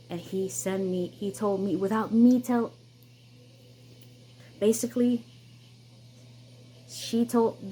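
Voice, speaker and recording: A woman's voice: mid-range voice, dark tone, poor audio. A woman hosting her own channel, telling a personal story in an emphatic, insistent way, with many repeats and restarts. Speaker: vlogger, channel host.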